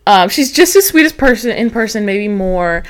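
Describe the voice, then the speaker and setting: A woman's voice: mid-range voice, animated, normal speed. A young woman from Texas hosting a casual podcast chat, telling rambling stories and laughing often. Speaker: podcast host.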